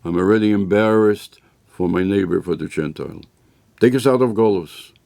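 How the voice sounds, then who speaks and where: A worn-out man praying in a low, hushed plea, as a gravelly storyteller voices him. The voice sits deep and rough, almost murmured. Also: moderate pace, no echo. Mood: pleading. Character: weary pleading old-world Jewish man.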